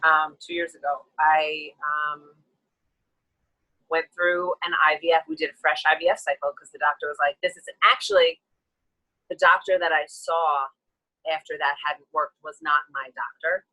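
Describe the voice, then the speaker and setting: A woman tells a personal story in an open, emotional way, with a bright, ringing tone. She rambles a bit with fillers and slips into different voices when quoting others. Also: sits low, moderate pace, poor audio. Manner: animated, acts out quoted people in shifting voices. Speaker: guest.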